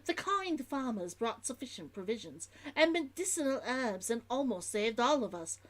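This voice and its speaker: A woman's voice: fairly high pitch, big pitch swings, normal speed. A woman doing a weary Old London merchant. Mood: weary, grim. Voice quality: drops H's, theatrical Victorian delivery. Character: weary stranded merchant writing a log. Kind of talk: reading a game log aloud in a put-on voice.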